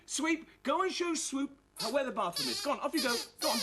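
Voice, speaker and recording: A woman presenting a children's puppet show, playful and excitable as she talks to puppets. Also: fairly high pitch, a little fast, a little hiss or hum.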